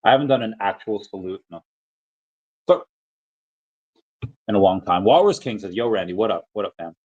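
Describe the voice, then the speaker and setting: A man with a fairly low voice hosts a casual livestream, reading chat comments aloud. He rambles in a loose, easygoing way, full of fillers and restarts, and now and then slips into silly voices. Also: lively intonation, normal speed, a little mellow, highs cut off.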